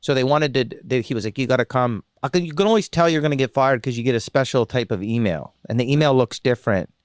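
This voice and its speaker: A man's voice: medium pitch, dry recording, studio quality. A man from Canada, a comedian and former radio host, telling stories in a casual, rambling, self-mocking way. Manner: chatty, rambling, self-mocking, quick restarts. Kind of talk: casual interview storytelling.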